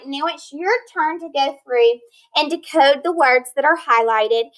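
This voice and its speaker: A woman teaching an online phonics lesson, sounding out words slowly and checking in with her students. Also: high voice, pushed and bright. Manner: slow, deliberate modeling of word sounds; encouraging, checks with "right?" and "okay?".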